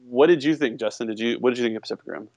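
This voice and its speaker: A young man co-hosting a casual podcast, retelling a movie plot with lively, acted-out quotes. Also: mid-range voice, rapid-fire, vocal fry, no echo. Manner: animated storytelling, acts out quotes in a raised voice. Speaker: podcast co-host.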